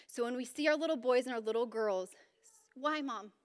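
A woman giving an informal, conversational sermon at a Bible study, animated and chatty, with sudden bursts of emphasis. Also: on the high side, fast, clean tone. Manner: informal and chatty, with fillers and restarts. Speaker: women's Bible study speaker. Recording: reverberant hall sound.

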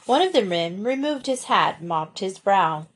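Woman reading a storybook, measured. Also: mid-range voice, big pitch swings, husky. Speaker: audiobook reader. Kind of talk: storybook narration.

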